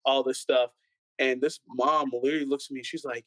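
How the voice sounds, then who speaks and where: A man's voice: mid-range voice, brisk, dry recording, poor audio. A young man and pastor's son telling stories in a casual panel chat, acting out the people he quotes. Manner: animated storyteller, acts out quoted voices.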